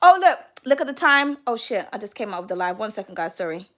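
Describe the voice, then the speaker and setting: A British woman giving a casual tarot reading, brash and profane and quick to laugh. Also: medium pitch, sing-song, fairly bright tone. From United Kingdom. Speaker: tarot card reader.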